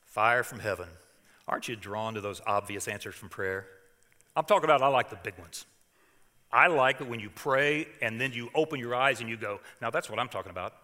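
An older man preaching a sermon, reading scripture dramatically, swinging between hushed lines and loud calls. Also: mid-range voice, moderate pace, long reverb tail. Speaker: pastor.

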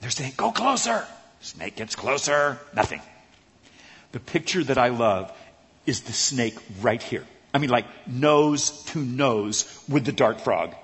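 A man preaching a sermon, telling animated stories and acting out the voices of the people in them. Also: medium pitch, unhurried, husky. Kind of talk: sermon with storytelling. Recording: reverberant hall.

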